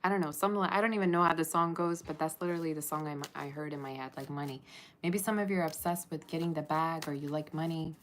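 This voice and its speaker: A woman reads tarot in a loose, chatty way, laughing and talking straight to her viewers. Her voice sits low, and faint noise hums behind her. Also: steady tone, fast talker, fairly bright tone. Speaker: tarot reader. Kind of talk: casual tarot reading to camera.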